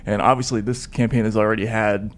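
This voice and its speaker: A man co-hosting a podcast, laying out a new segment in a relaxed, explanatory way. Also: fairly low pitch, quick pace. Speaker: podcast co-host. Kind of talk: casual political chat.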